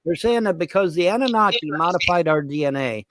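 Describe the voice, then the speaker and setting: A man hosting a show, ranting in profane, repetitive bursts with many halting fillers. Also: high voice, expressive, background noise. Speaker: host. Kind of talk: ranting commentary.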